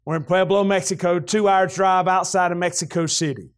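A man with a Southern US accent preaching a sermon in a church, folksy and animated, often rising into shouts. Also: sits high, fairly quick. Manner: folksy, animated, breaks into shouts when excited. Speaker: pastor.

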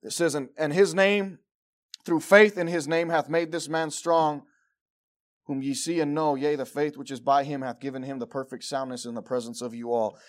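A man preaching a sermon, jumping from loud exclamations to quiet low asides and acting out shouting crowds. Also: fairly even intonation, normal speed. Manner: acts out the crowd in short shouted bursts.

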